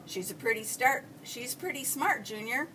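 A woman's voice: a little high, normal speed, sharp tone. A woman doing an upbeat, encouraging storybook dad. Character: cheerful father, encouraging. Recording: distant mic, faint background hiss.

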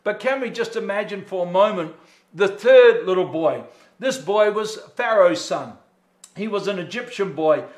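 A man's voice: high-pitched, lively intonation, moderate pace. A man preaching a sermon as pastor, emphatic and full of rhetorical questions. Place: church sanctuary. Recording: echoey church sanctuary.

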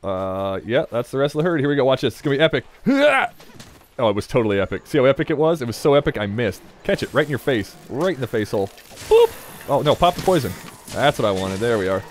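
A man's voice: mid-range voice, sing-song, quick pace, faint music behind. A man doing loose, chatty commentary over a video game in a middle-of-the-road voice. He laughs easily, teases the characters on screen, and drifts into offhand asides between bursts of action. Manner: jokey, rambling, talks to the game, laughs often. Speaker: let's play gamer. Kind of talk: gameplay commentary.

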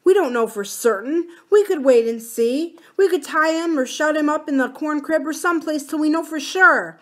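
A woman voicing a desperate frontier teenage boy in a storybook reading, pleading with his voice rising high and loud. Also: moderate pace. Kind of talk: storybook read-aloud.

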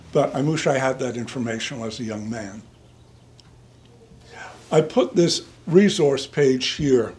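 A man's voice: fairly high pitch, darkish tone. An older man, a priest, preaching in a conversational, digressive way and speaking to listeners by name. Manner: chatty, digressive, addresses listeners by name, chuckles. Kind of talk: conversational sermon. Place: church.

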